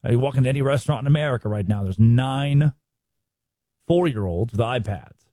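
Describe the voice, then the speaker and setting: A man's voice: medium pitch, animated, a little fast, warm tone, no room sound. A man hosting a sports show, giving emphatic, sarcastic commentary and acting out quotes.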